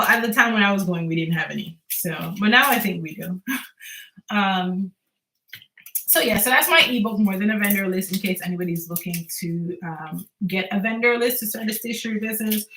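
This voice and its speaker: A woman's voice: mid-range voice, bright, forceful tone, a little hiss or hum. Chatty woman with a Caribbean accent. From Antigua and Barbuda. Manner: chatty, laughs often, answers viewer questions. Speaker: small business owner and livestreamer. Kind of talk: casual livestream chat. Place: home. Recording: roomy echo.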